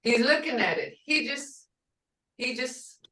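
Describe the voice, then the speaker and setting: In distant, reverberant classroom audio, a female language instructor has students say words aloud and tell her if each sound is long or short. Her high voice is slow and sharp-toned, with lively intonation.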